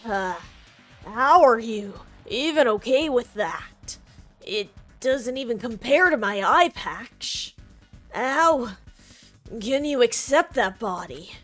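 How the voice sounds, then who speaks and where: A woman's voice: fairly high pitch, animated, takes it slowly, fairly bright tone, faint music behind, heavily acted. Woman doing a brash, jittery young mechanic. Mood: anxious. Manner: rough-spoken, exclaiming, slangy. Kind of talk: reading game dialogue aloud with voices.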